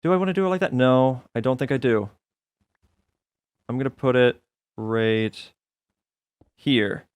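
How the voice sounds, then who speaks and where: A man's voice: mid-range voice, expressive, a little slow, pauses often, smooth, dry recording. Self-mocking man narrating his gameplay. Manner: self-mocking, thinking aloud, laughs at himself. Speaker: streamer playing a modded game. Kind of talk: casual gameplay commentary.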